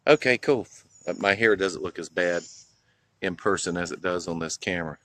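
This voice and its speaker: A man from North Carolina with a Southern US accent chats casually on a livestream outdoors in a small town, greeting viewers by name and reminiscing with frequent laughs. His voice sits low with a fairly bright tone at a moderate pace. There is no room sound.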